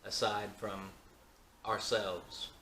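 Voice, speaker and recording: A man co-hosting a casual chat, laid-back and agreeable, musing slowly, in a room of an old house. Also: fairly low pitch, little pitch movement, background noise. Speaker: co-host, band member. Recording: echoey room, faint ambience.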